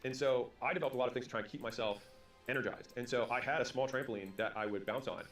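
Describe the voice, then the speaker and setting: A man in his thirties giving a motivational storytelling talk, acting out quick bits of dialogue. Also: medium pitch, fairly bright tone, far from the mic, soft background music. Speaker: business and sales speaker. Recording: roomy sound from away from the mic.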